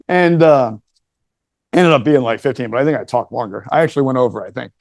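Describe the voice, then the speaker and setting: A man tells a story to a live audience in a loose, joking way. He swears freely and keeps bantering with the listeners. His voice sits a bit high for a man, and the sound is close and dry. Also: a little fast, a little mellow, dry recording. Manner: joking, profane, chatty with the audience. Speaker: speaker telling a story to a live room. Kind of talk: casual storytelling talk.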